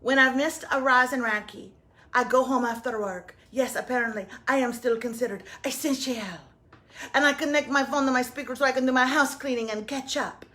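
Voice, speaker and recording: This woman in her forties talks high and bright. She is loud and playful, teasing in big swings as she co-hosts a live morning show. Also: steady tone, brisk. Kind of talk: casual live chat, reading a viewer's message.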